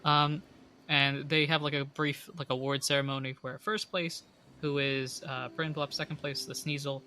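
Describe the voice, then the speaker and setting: A man's voice: fairly high pitch, level tone, moderate pace, bright, forceful tone. A young man narrating as game master in a loose, rambling way with lots of fillers.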